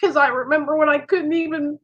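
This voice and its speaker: A woman's voice: high voice, steady tone, a little fast, fairly bright tone, muffled recording. A woman hosting a live stream, talking earnestly and emotionally to her viewers over a video call. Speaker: live show host in recovery.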